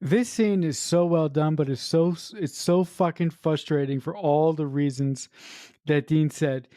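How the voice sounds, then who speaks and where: A woman's voice: low voice, unhurried, warm tone, no room sound, clean studio sound. A woman co-hosting a podcast, breaking down a film in casual chat, ranting with swearing and stumbling over fillers. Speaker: podcast co-host.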